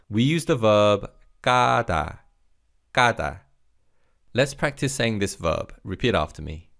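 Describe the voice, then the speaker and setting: A man teaching a recorded vocabulary lesson, leading slow repeat-after-me drills and praising the learner between words. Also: lowish voice, fairly bright tone. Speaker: language teacher.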